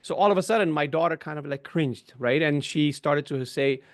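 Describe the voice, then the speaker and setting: Webinar guest, middle-aged male, a bit high-pitched, explanatory, leans on "right?" and "you know". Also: fairly quick, hardly any pauses. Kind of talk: conversational webinar discussion.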